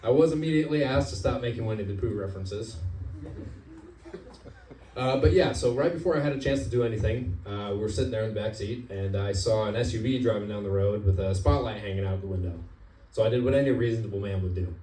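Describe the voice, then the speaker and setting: A young man telling a stand-up story at an open mic, in a halting deadpan delivery full of "uh" pauses, on a comedy club stage. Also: on the low side. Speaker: stand-up comic. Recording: roomy club sound from far off.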